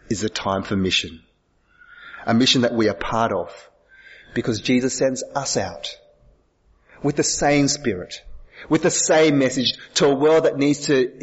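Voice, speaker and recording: A man's voice: mid-range voice, breathy edge, long reverb tail. A male pastor giving an earnest sermon, full of rhetorical questions. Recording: dull lo-fi sound.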